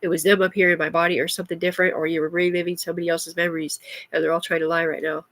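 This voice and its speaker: A woman's voice: on the low side, little pitch movement, rapid-fire, a bit bright, no room sound. A middle-aged woman in an agitated, rambling livestream monologue, heavy with profanity.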